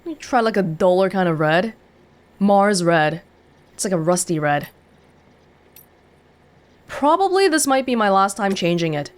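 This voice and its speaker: A woman's voice: medium pitch, big pitch swings, unhurried, long pauses. A woman casually commenting while playing a video game, chatty and thinking aloud. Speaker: let's play host.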